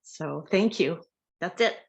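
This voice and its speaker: Low-voiced woman sharing, nervous and effusive. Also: slow pace, vocal fry, lo-fi sound. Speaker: community member sharing.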